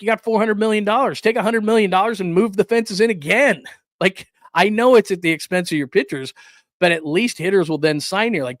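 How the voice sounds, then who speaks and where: A man hosting a solo sports talk livestream, ranting with quick asides and laughs and greeting people in the live chat. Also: on the high side, a bit bright, dry recording, studio quality. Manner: reads and answers live chat.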